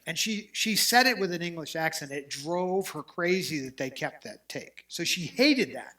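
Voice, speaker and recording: A man hosting a casual talk show, talking in an animated, opinionated way with frequent restarts. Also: fairly high pitch, moderate pace, hardly any pauses. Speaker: host. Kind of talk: casual chat.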